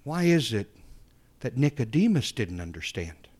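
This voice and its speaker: A man's voice: mid-range voice, big pitch swings, measured pace, a little mellow. A man preaching a sermon, telling a story and then building to fervent emphasis. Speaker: pastor.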